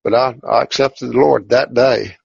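Gravelly man telling his testimony. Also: medium pitch, fairly even intonation, darkish tone, dry recording. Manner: folksy, plainspoken, halting. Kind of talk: personal testimony storytelling. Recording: dull lo-fi recording.

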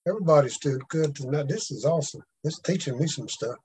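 A man's voice: on the high side, animated, fast, darkish tone, slight background noise. A man leading a church group's sharing time, encouraging and affirming each speaker. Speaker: prayer group leader.

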